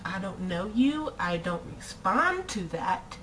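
A young woman vlogging casually to camera in an animated, exasperated way. She fills her sentences with "like" and fires off rhetorical questions, in a voice of medium pitch. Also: slow pace, few pauses, a little hiss or hum, low-quality recording. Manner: frequent "like" fillers.

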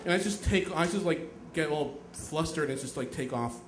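A young man telling a personal story on stage, animated, swearing and acting out his own outbursts. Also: on the high side, normal speed, slight background noise. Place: theater stage. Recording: echoey stage with faint audience ambience.

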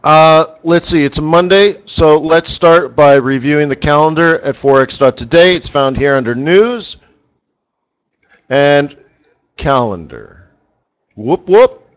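This forex market strategist runs a live currency trading stream, rambling through anecdotes and laughing at his own jokes as he chats casually. He speaks smoothly at a measured pace, his pitch sitting fairly high.

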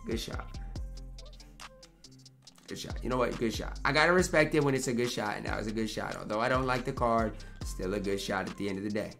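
A man's voice: lowish voice, a little fast, gravelly, fairly bright tone, soft background music. A young man commentating his own basketball video game match, ranting in frustration and talking to himself between plays. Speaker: gaming YouTuber. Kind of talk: live gameplay commentary.

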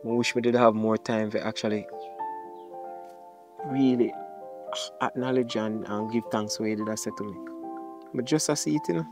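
A man's voice: fairly low pitch, fairly even intonation, moderate pace, pauses often, lightly acted. A man with a Jamaican accent playing a remorseful grown son who pleads with his mother for forgiveness in a drama monologue, over music. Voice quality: Jamaican patois phrasing, pleading.

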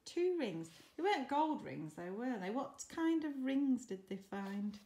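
A woman teacher reads a picture book aloud for children's story time, pausing often to ask the listeners questions. Her voice is high and very animated in pitch. She takes her time over every line. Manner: expressive, asks children questions.

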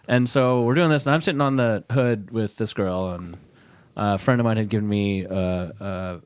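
A man's voice: fairly low pitch, moderate pace, clear, resonant tone, no echo. A man telling a rambling story on a podcast, laughing often and swearing as he talks. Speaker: guest storyteller.

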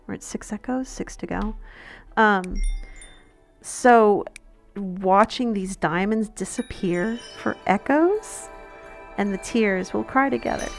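Brief: female gaming host, slightly gravelly voice, chatty, talks straight to her audience. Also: mid-range voice. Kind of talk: casual game commentary.

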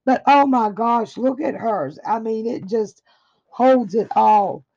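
A woman speaks slowly in a dark, gravelly, husky voice, pouring out effusive praise as she unboxes a gift. Her throat sounds a little dry. The recording is dull and lo-fi. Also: a little high. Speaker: craft vlogger opening happy mail. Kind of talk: casual unboxing chat. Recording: dull lo-fi audio.

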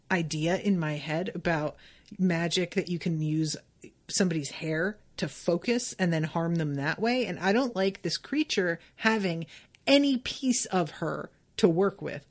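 A young woman hosting a casual book podcast, retelling the chapter in an excitable, swearing way and voicing the characters. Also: on the low side, unhurried. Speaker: podcast host.

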